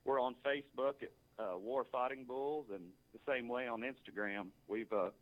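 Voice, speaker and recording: A man's voice: mid-range voice, moderate pace, narrow, tinny audio. A man, a bullfighter guest on a talk show, answering in a polite, plain-spoken way. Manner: polite, plain-spoken, says "yes, sir". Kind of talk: interview answers.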